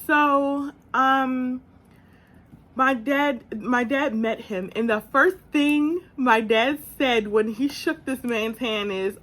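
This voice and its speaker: Animated young woman telling a story. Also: fairly high pitch, takes it slowly. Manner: animated, laughs often, acts out quotes. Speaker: vlogger. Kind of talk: casual storytelling.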